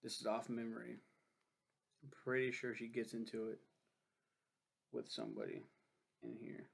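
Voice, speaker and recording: A young man chatting loosely through a book review, swearing often and laughing at his own slips. His voice is mid-pitched with a gravelly, fry-edged texture. He talks like a casual vlogger, not a polished presenter. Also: sing-song, moderate pace, fairly bright tone. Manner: rambling, profane, self-deprecating.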